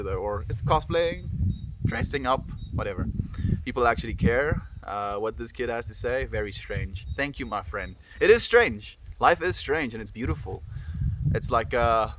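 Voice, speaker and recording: Young South African male streamer, mid pitch, gentle and musing, noisy home mic. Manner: warm, affectionate, reflective, calls viewers "my friend". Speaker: livestreamer reading chat. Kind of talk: casual livestream chat.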